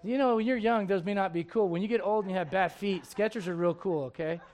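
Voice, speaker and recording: A middle-aged pastor delivers his sermon in a folksy, animated manner, his voice sitting a touch higher than most men's. He swings from quiet, confiding stretches to lively acted-out asides. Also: fast.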